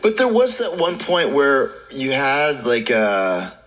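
A man's voice: mid-range voice, very animated, slow pace, fairly bright tone. Attentive male interviewer. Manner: attentive, prompting with short questions. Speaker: interviewer, podcast host. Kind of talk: casual interview.

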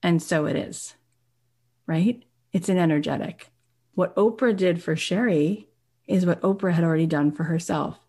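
Woman, podcast host, low-ish voice, emphatic and animated motivational talk. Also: normal speed, breathy edge. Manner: emphatic, animated, often asks "right?".

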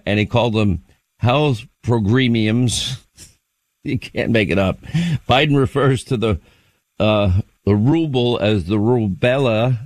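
A man's voice: mid-range voice, dry recording. A man hosting a talk radio show, mocking a speech and laughing at his own remarks as he takes calls. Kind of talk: casual political talk radio.

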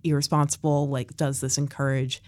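A woman hosting a podcast in casual chat, animated and leading the segment, with frequent fillers. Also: a bass voice, moderate pace, no echo. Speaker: podcast host.

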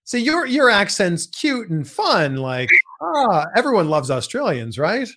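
A man's voice: sits high, wildly swooping pitch, measured pace, noisy background. A man from Canada hosting a casual interview, often restarting his sentences and filling with "like". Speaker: podcast host. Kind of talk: casual interview, read sponsor ad.

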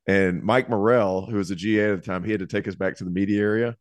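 A man's voice: lowish voice, quick pace, hardly any pauses, no room sound. A man from Tennessee, co-hosting a casual sports chat and telling stories with lots of repeated words. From Tennessee, USA. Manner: animated storyteller, repeats words. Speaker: podcast co-host.

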